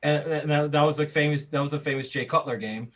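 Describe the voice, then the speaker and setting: An American man and podcast co-host in a casual sports debate, talking in an animated, argumentative way with many restarts. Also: on the high side, quick pace.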